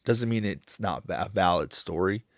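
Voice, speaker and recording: A man in his thirties talking on a podcast, emotional and halting, tearing up as he speaks with many restarts. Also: sits low, no room sound, clean studio sound. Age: 30s. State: tearful. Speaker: podcast host. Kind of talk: casual chat.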